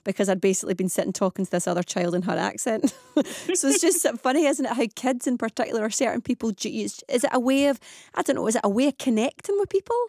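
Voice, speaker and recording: A woman's voice: fairly high pitch, lively intonation, fast talker, hardly any pauses, a little mellow, dry recording, studio quality. A woman from Scotland hosting a radio phone-in, asking her callers friendly, curious questions. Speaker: radio host.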